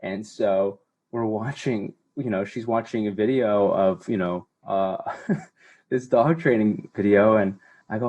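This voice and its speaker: Rozgadany młody mężczyzna, współprowadzący podcast. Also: male voice, lowish voice, unhurried, husky, dull audio. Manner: animated storyteller, slips into mock voices. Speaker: podcast co-host. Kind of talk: casual chat.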